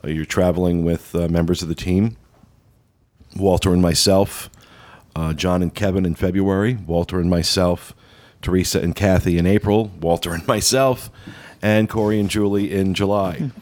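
Low-voiced guy hosting a podcast, chatty and rambly, lots of uhs. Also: fairly even intonation, normal speed, a little mellow. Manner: rambling, many uh fillers, upbeat promo talk. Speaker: podcast host. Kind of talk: casual podcast chat.

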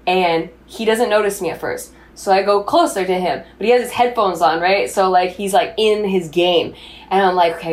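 A young adult woman co-hosting a podcast, telling a candid story in casual chat and swearing freely. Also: mid-range voice. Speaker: podcast co-host.

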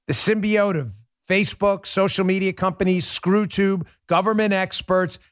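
A man's voice: high voice, no room sound, clean studio sound. A man hosting a political talk show, speaking to his listeners in a fervent monologue full of rhetorical questions. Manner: addresses listeners as folks.

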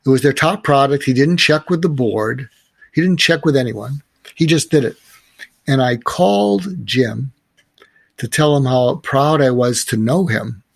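A man's voice: medium pitch, measured pace, gravelly, dry recording. A middle-aged man speaking casually, telling a story and giving advice with frequent restarts and fillers.

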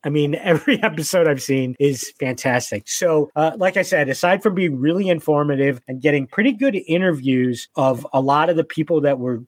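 A man with a somewhat high voice talks in a casual chat, eager and rambling, with plenty of "uh"s and restarts as he piles up one story after another. His voice is recorded dry and close, with no room sound. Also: a little fast, few pauses, no echo. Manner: enthusiastic, rambling storyteller with many fillers.

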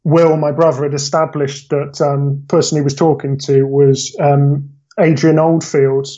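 A man telling a story on a podcast, his voice sitting a little higher than most. He rambles and restarts as he goes, in an easy, chatty way. The audio is dull and lo-fi. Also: level tone, measured pace, dark tone. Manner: rambling, self-correcting storyteller. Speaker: podcast guest. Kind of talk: casual storytelling chat.

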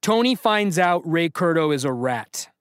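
A man's voice: fairly high pitch, lively intonation, a little slow, a bit bright, clear, resonant tone, no room sound, studio quality. A man hosting a podcast trivia quiz, reading questions to callers and hyping them up with playful banter. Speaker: podcast host and quizmaster.

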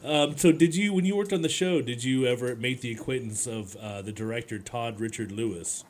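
A man's voice: medium pitch, a little fast. A man hosting a podcast, asking probing, leading questions in a casual conversational way. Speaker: podcast host. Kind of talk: casual interview chat.

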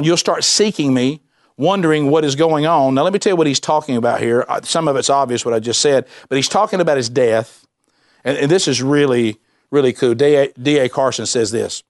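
A man preaching a sermon, animated and emphatic, repeating himself and dropping suddenly to a quiet voice. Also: fairly high pitch. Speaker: pastor.

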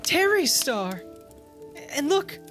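A woman's voice: high voice, sing-song, slow, over music, exaggerated voice. A woman doing a melodramatic guilty mother. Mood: gushing. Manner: gushing, melodramatic. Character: frantic guilty mother home for Christmas. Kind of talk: improvised comedy scene.

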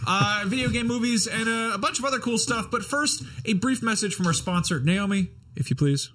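A man's voice: sits high, a little fast, fairly bright tone. A man hosting a gaming podcast, upbeat and joking in casual chat. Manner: jokey, upbeat. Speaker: host.

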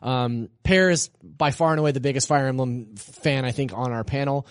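A man co-hosting a casual podcast chat in a quick, casual way. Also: mid-range voice, no room sound, studio quality. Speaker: podcast co-host.

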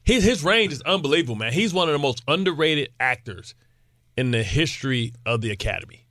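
A man co-hosting a sports radio show, talking in loud, playful, jokey banter. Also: mid-range voice, lively intonation, fairly quick, no echo, clean studio sound.

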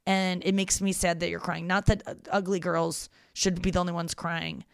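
A woman's voice: fairly low pitch, little pitch movement, normal speed, gravelly, clean tone, dry recording, clean studio sound. A young woman hosting a casual advice podcast, frank and profane, talking a listener through heartbreak in a reassuring way. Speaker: podcast host giving advice.

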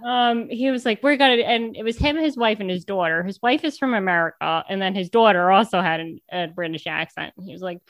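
A woman's voice: mid-range voice, brisk, hardly any pauses, dry recording. A young woman telling a story in casual, giggly chat.

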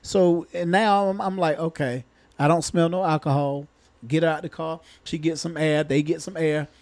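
A man with a somewhat high voice tells a story in a relaxed, folksy way, full of colloquial turns of phrase. He is a retired police officer turned comedian, co-hosting a podcast. The mic is close and the room is dry. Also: moderate pace, dry recording. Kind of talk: casual storytelling chat.

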